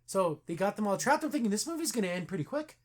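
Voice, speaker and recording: A man talks through a movie's plot in a relaxed podcast chat, his voice sitting a little higher than most. He keeps slipping into quoted dialogue as he retells the scenes. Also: fast talker. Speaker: podcast host. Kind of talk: casual movie review chat.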